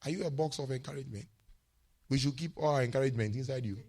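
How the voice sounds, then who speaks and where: A man's voice: mid-range voice, rapid-fire, darkish tone. A male pastor preaching a sermon, emphatic and repetitive, often checking in with his congregation.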